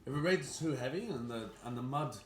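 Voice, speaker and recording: A man playing a character in a tabletop game, theatrical and quick to laugh. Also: medium pitch, roomy sound, a little hiss or hum. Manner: theatrical, lively, laughing often. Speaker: player. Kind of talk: in-character role-play.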